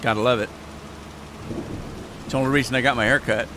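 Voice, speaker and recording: A man's voice: mid-range voice, steady tone, fairly quick, background noise. A man with an ordinary mid-range voice chats his way through a game, muttering to himself and answering viewers. His talk is loose and rambling. A faint patter of game rain sits behind him. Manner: rambling, chatty, talks to himself and chat. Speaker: gaming channel host. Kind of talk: casual gameplay commentary. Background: rain sounds from the game.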